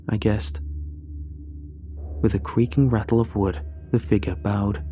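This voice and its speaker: A man narrating a horror story in a measured, somber way. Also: lowish voice, little pitch movement, mellow.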